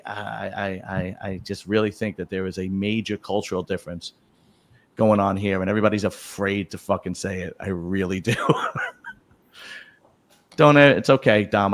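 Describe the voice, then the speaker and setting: A man's voice: low-pitched, fairly even intonation, fairly quick. A man hosting a casual chat, talking bluntly and profanely, rambling with many restarts. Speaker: host.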